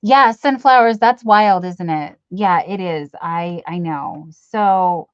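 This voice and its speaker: A woman's voice: fairly low pitch, slow, smooth, dry recording. A woman hosting a casual live stream, rambling as she reads viewers' chat aloud and teases herself. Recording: dull lo-fi stream audio.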